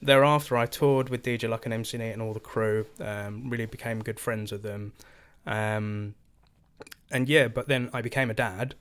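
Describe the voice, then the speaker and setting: A man's voice: mid-range voice, moderate pace, clean tone. An English man in his thirties, a guest casually telling stories from his past and acting out the voices of the people in them. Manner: animated, acts out quoted voices. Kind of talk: casual storytelling interview.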